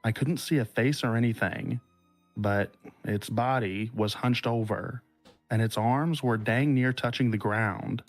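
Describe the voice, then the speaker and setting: A man hosting a podcast who reads a listener's horror story aloud at a measured, unhurried pace and then chats casually with guests. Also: mid-range voice, soft background music. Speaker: podcast host.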